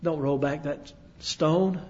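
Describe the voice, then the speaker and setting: A male preacher telling a sermon as dramatic second-person storytelling, dropping to a hush and rising to loud declarations. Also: fairly high pitch, slow pace. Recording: echoey hall, dull lo-fi sound.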